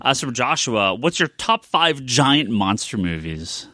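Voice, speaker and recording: A man's voice: mid-range voice, big pitch swings, measured pace, sharp tone. A man co-hosting a podcast, reading out listener questions and rambling with a laugh and many restarts. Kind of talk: casual chat.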